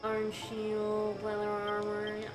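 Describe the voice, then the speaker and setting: A woman's voice: mid-range voice, monotone, a little slow. A woman co-hosting a game stream, giving upbeat, practical commentary on the game. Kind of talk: casual gameplay chat. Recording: echoey room with game music.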